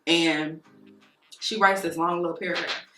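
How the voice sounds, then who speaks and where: A beauty vlogger does her makeup while telling a story, venting in a heated, emphatic, profane way. Her voice is lowish and fairly bright, with fairly even intonation and a measured pace. The room sounds roomy, with faint music behind her.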